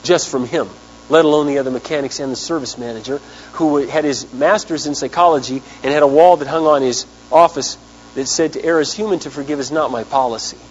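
A man preaching a sermon, telling a story in an animated way and acting out the people he quotes. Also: fairly high pitch, brisk, muffled recording. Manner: animated storyteller, acts out quotes, big swings in loudness. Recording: hum with long hall reverb.

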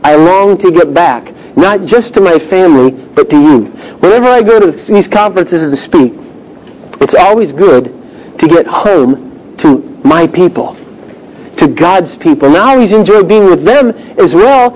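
A man with a noticeably high voice leads a Bible class, reading verses aloud and explaining them in a relaxed, chatty way. He mixes teasing asides with the group and earnest emphasis on the text. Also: low-quality recording. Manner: joking, conversational asides between verse readings. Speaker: Bible teacher. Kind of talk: casual Bible teaching.

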